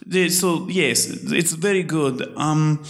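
Man doing a raised-pitch older Russian barber lady with a Russian accent, nosy matchmaker. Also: takes it slowly. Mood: prying. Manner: pushy, prying questions in broken English.

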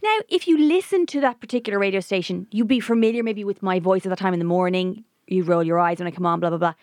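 A woman's voice: medium pitch, quick pace, a little mellow, no echo, studio quality. A woman guest on a comedy podcast, telling a self-mocking story with wry humour. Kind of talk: casual comedy podcast chat.

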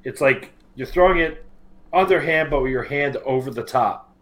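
A man's voice: mid-range voice, moderate pace, fairly bright tone. A man co-hosting a podcast, joking and swearing in casual chat. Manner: profane, joking, chiming in. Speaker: podcast co-host.

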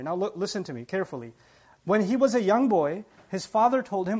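A man's voice: high-pitched, animated, a little fast, darkish tone. A man giving a nightly sermon, telling the story with animation, acting out the dialogue and explaining what words mean. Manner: explains word meanings in detail. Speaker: preacher.

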